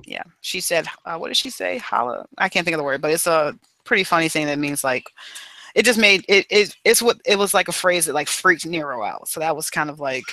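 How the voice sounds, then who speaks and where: Bright, loose-talking podcast co-host man. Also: fairly high pitch, animated, brisk, no echo, rough recording. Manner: rambling and loose, with many fillers and casual paraphrase. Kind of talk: casual book review chat.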